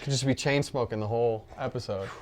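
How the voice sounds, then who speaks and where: A man's voice: medium pitch, fast, a little mellow. A man co-hosting a casual podcast, joking and trading wisecracks, sometimes dropping into mumbled asides. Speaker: podcast co-host. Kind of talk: casual chat.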